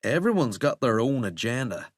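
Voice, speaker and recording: A shackled cursed man with a wry, sardonic, coaxing drawl, as a male narrator puts him on. His pitch swoops around, raised and loud, and the voice sits close and dry on the mic, like an audiobook. He sounds mocking and folksy. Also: very animated, moderate pace, no room sound.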